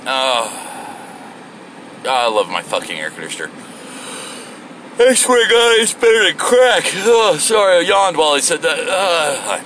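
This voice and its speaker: A man's voice: on the high side, sing-song, measured pace, long pauses, fairly bright tone. A man rambling casually to himself while driving, profane and joking, with road and air-conditioning hum behind him. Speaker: solo show host. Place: inside a car.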